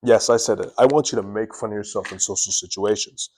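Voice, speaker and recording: A man giving earnest advice straight to the camera, deliberately pushing his tone up and down and sometimes restarting words. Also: fairly low pitch. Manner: earnest, animated, varies tone up and down on purpose, restarts words. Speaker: self-improvement video host. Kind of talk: direct-to-camera advice talk. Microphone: camera mic.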